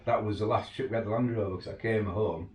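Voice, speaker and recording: He's an overland tour guide with a lowish voice and fairly even intonation, talking fast as he laughs through casual anecdotes. Faint ambience comes through a roomy recording made with a distant mic.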